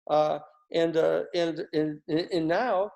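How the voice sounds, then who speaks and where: Speaking slowly and steadily, this older man from the US has a gravelly, darkish voice pitched on the high side. He delivers offhand, sarcastic political remarks that wander, stumbling through fillers and restarts.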